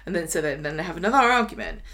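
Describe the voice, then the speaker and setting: A woman's voice: lowish voice, big pitch swings, sharp tone. Chatty sarcastic woman podcaster. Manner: chatty, sarcastic, mocks characters in quick asides. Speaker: podcast co-host. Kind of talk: casual chat recapping a soap opera.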